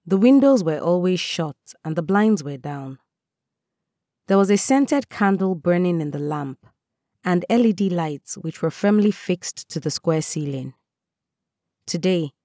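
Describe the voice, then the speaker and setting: Woman, calm storyteller, mellow tone, dry close sound. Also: sits low, no echo. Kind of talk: scripted first-person narration.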